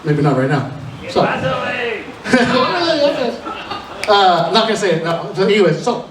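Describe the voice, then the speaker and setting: His high, sing-song voice is unhurried, captured far from the mic with a crowd audible behind him. As the opener at a live comedy show, this nervous young man rambles through self-deprecating stand-up stories, restarting many times, and the room echoes.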